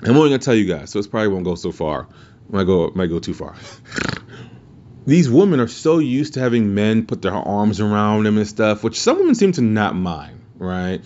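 A man's voice: fairly low pitch, sing-song, normal speed, a little mellow, a little hiss or hum. A man hosting a podcast, telling a story in a casual, rambling, profane way with plenty of restarts. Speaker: podcast host. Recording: muffled lo-fi recording.

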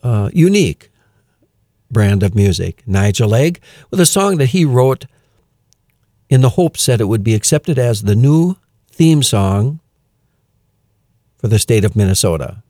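A man hosting a radio music show, chatting casually with many fillers and reading news items aloud with quiet amusement. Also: medium pitch, unhurried, pauses often, no echo, clean studio sound. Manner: relaxed and chatty, with frequent "uh" fillers and chuckles.

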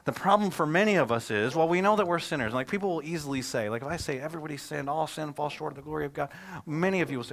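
This pastor's sermon comes out fast and fairly high-pitched, lively and conversational, with stories mixed among rhetorical questions.

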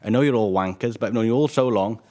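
Man reading as an earnest young groom shouting a toast, low voice, storybook. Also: fast, lightly acted.

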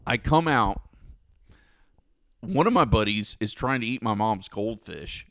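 A man's voice: on the low side, a little slow, no echo. Profane man telling a rowdy story. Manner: profane, animated storyteller acting out quotes. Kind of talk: casual storytelling chat.

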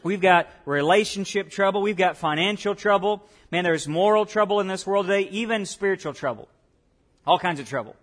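A man's voice: sits high, brisk, a bit bright. A male pastor preaching a conversational sermon, often repeating himself and putting questions to the congregation.

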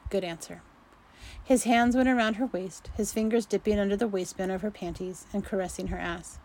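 Woman narrator for a homemade romance story reading; even, unhurried delivery that redoes its slips. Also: mid-range voice, rough recording. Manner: unhurried reading, restarts fumbled sentences.

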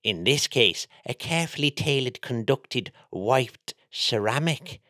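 An English man doing an Irish accent as he voices an Irish man explaining a spacecraft coating in a measured, technical way. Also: medium pitch, animated, sharp tone, no room sound, clean studio sound. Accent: Irish, put on.

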